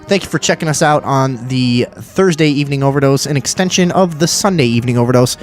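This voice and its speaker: A man's voice: medium pitch, fast, faint music behind. A man hosting a casual live talk show, swearing often and ranting. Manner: profane, ranting. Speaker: podcast host.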